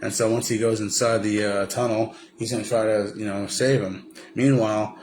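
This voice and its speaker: A man's voice: on the low side, steady tone, moderate pace, darkish tone, slight background noise. Rambling man recapping a movie. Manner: rambling, many fillers and restarts, slips into impressions. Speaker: vlogger.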